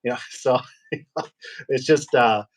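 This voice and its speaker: A middle-aged man, a garage door business owner, chatting casually and telling rambling, animated stories with acted-out quotes. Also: mid-range voice, slow. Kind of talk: casual storytelling chat.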